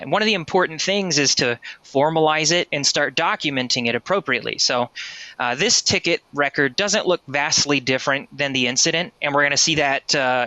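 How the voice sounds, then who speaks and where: Bright, crisp-voiced man presenting a webinar. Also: a little high, dry recording. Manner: conversational, tags sentences with "right?". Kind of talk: live software demo walkthrough.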